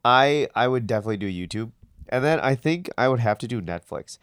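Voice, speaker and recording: A man's voice: medium pitch, expressive, brisk, smooth, no room sound, studio quality. A man co-hosting a podcast in casual chat, with a stuffed-up nose and a rambling manner full of fillers. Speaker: podcast co-host.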